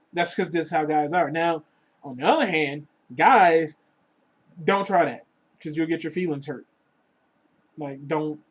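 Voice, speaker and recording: A man ranting casually to his viewers about dating, crude and profane, joking as he goes, swinging between loud lines and muttered asides. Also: a little high. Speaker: vlogger. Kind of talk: casual rant to camera.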